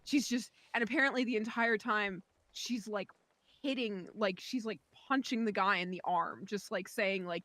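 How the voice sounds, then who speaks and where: A woman's voice: medium pitch, fairly even intonation, unhurried, sharp tone, dry recording. A woman on a voice call telling a rambling story from home, full of fillers and asides. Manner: rambling, many fillers and likes. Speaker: friend on voice chat. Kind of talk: casual storytelling.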